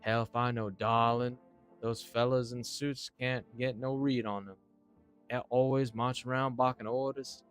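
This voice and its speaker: A man voicing a loud, folksy old mama with a slow drawl. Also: flat delivery, smooth, soft background music, natural voice. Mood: scornful. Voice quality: drawling, booming.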